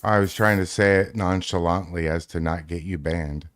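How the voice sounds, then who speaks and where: A man's voice: sits low, steady tone, normal speed. A man co-hosting a live stream, joking around, laughing often and stammering over restarts. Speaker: streamer co-host. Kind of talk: casual live-stream banter.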